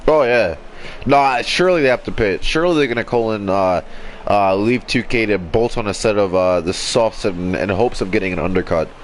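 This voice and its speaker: Excited guy calling a sim race, stumbles over words, bit of hiss behind. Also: lowish voice, fairly quick. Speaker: race commentator. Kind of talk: excitable esports commentary.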